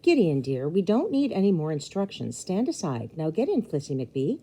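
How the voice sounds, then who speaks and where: A woman voicing a brisk, no-nonsense elderly grandmother who speaks in a firm, commanding way. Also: low-pitched, wildly swooping pitch, dark tone, husky, heavily acted.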